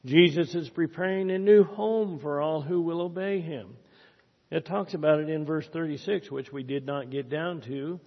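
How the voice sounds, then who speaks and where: A man's voice: a little high, moderate pace. Male preacher, earnest and exhorting, muffled, dull recording with long reverb. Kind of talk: sermon with closing prayer.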